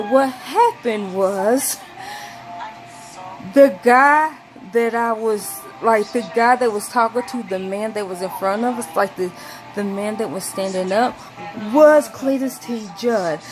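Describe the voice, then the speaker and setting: A woman telling a rambling story to camera, acting out quotes in a high voice. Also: measured pace, over music, poor audio. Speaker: vlogger.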